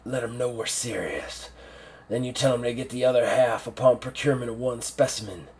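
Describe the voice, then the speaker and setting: A man voicing a gruff, ruthless old male general who speaks in blunt, commanding orders. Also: medium pitch, fairly quick, darkish tone, close to an everyday voice.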